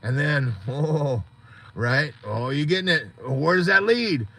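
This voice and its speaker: A man's voice: fairly high pitch, expressive, takes it slowly, a bit bright. A man hosting a support group on a live stream, talking in an earnest, rambling, motivational way.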